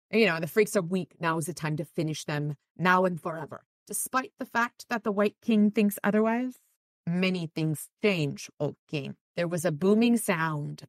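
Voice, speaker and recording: A woman's voice: fairly low pitch, dry recording. A woman hosting a podcast, casually recapping a novel and reading quoted passages with light voices. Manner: reads quotes from the book with light voices, chatty asides. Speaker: podcast host recapping a book. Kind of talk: casual book recap with read-aloud passages.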